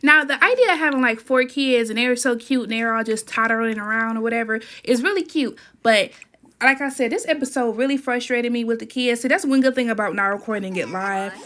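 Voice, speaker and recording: A woman's voice: brisk, a bit bright, slight background noise. Rambling woman doing gameplay voice-over. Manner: rambling and chatty, addresses viewers as y'all; says she generally talks low. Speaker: gaming channel host. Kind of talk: casual voice-over commentary on gameplay. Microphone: recorded on an iPad.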